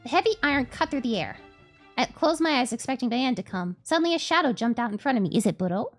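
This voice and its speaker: Woman putting on a cutesy, high heroine voice. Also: animated, fast talker, soft background music. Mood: earnest. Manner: cutesy, sweet put-on voice. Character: young heroine narrating her own peril, earnest. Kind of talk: reading game text aloud.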